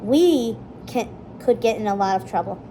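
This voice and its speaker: A woman's voice: mid-range voice, animated, normal speed, dark tone, slight background noise, close to an everyday voice. A woman reading the lines of a playful, loyal boy in a storybook.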